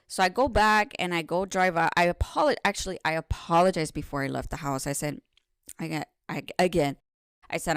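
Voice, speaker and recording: Smooth low-voiced woman telling her story. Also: a little fast, no room sound. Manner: frank and profane, rambling and self-correcting; swings between loud animated retelling and soft hushed confession. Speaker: podcast guest sharing her story. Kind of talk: candid personal storytelling.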